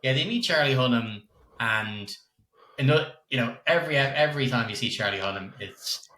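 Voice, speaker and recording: A middle-aged man on a podcast, talking in a bright, forceful voice that swings up and down a lot. He rants with plenty of swearing. The sound is roomy and echoey. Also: medium pitch, lively intonation, moderate pace. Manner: swearing, exasperated ranting with laughs. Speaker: podcast co-host. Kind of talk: casual chat.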